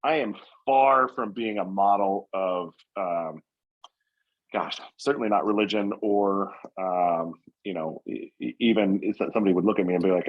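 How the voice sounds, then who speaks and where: A man with a low, husky voice speaks as a guest on a podcast. He talks in an earnest, rambling way, full of fillers and false starts. The audio sounds muffled and lo-fi. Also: normal speed. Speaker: painting company owner, guest. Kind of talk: casual podcast interview.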